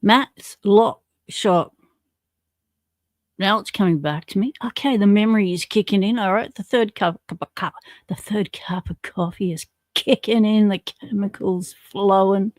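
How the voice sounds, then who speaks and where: A woman's voice: medium pitch, normal speed, darkish tone, no room sound. An Australian woman hosting a livestream, chatting in a casual, slangy way as she greets viewers and reads out their comments. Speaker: livestream host.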